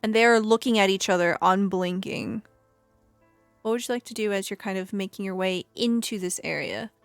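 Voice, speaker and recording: A woman in the game master's seat, narrating scenes at a quick, chatty clip with plenty of fillers. Her voice sits mid-range and sounds dry and close, with faint music underneath. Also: medium pitch, clear, resonant tone, no room sound.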